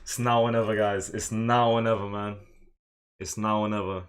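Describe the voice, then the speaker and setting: This chess streamer is a young man whose voice is on the low side, clear and resonant, with a level tone and moderate pace. Live on his own online game, he mutters moves and occasionally erupts in loud frustrated outbursts.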